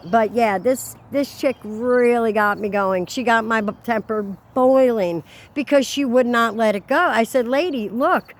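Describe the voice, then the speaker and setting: A woman telling a storytime rant as a vlogger, exasperated, dropping into low asides and then rising into raised outbursts. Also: unhurried.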